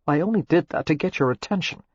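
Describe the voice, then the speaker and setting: A woman voicing a practical, dour young gentleman in an audiobook. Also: deep voice, lively intonation, quick pace, husky, no room sound, dull audio. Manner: dry, dour.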